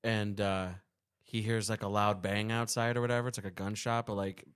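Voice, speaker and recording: A man's voice: on the low side, level tone, fairly quick, fairly bright tone, clean tone. A young man co-hosting a podcast, bantering bluntly and casually, with swearing in his talk. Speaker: podcast co-host. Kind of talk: casual chat.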